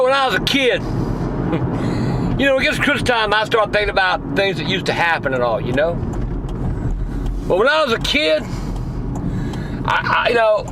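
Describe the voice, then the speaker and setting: A man's voice: high-pitched, noisy background. Cussing older man telling stories. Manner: profane, rambling, bursts into loud laughter. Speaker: storyteller. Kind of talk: casual storytelling.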